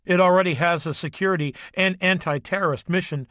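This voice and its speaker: A man's voice: high-pitched, brisk, fairly bright tone, dry recording, clean studio sound. A man reading a stern, clipped Army sergeant major. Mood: firm. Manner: clipped, firm, respectful.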